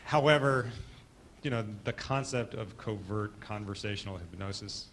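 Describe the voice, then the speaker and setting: A man's voice: fairly low pitch, measured pace, a bit bright, a little hiss or hum. A man, a student at a hypnosis workshop, asking a question hesitantly and searching for his words.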